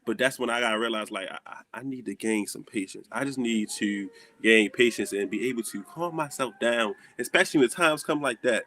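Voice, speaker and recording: A young man with a Southern American accent, hosting a casual chat and acting out stories with animated dialogue. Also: medium pitch, brisk, hardly any pauses. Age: young adult. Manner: animated storytelling, acts out dialogue. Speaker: host.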